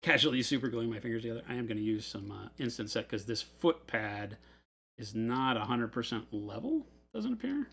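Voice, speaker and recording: A man's voice: medium pitch, sing-song, brisk, vocal fry, a bit bright, husky. A man hosting a hobby store livestream, chatting and rambling through stories while he builds models in his office. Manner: chatty, rambling storyteller who laughs often. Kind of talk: casual live chat while building models.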